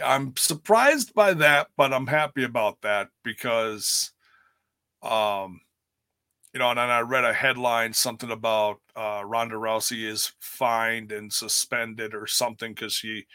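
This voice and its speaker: A man talks loosely and candidly, like he is thinking out loud while recapping a wrestling show. His voice has a bright, forward tone. The sound is dry and close, with little room around it. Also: medium pitch, dry recording. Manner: rambling, candid, swears casually. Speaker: wrestling commentator. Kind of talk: casual chat recap.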